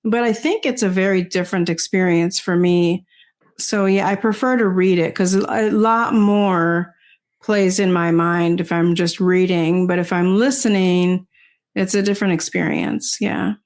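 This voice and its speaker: An older woman talking as an interview guest, rambling casually with many "you know"s and soft laughs. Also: lowish voice, steady tone, unhurried. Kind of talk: casual conversation.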